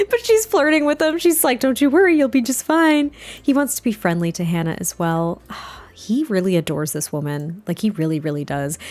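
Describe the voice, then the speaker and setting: A young adult woman giving excitable, chatty commentary on a life-sim game, often gasping and laughing. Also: medium pitch. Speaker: let's play gamer. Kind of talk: gameplay commentary.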